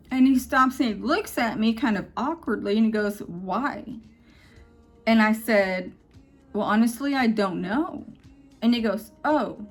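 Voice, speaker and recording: A woman's voice: medium pitch, gravelly. A woman vlogger telling a personal story in a casual, emotional way, quoting others as she retells it. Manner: emotional, quotes others in quick retold dialogue.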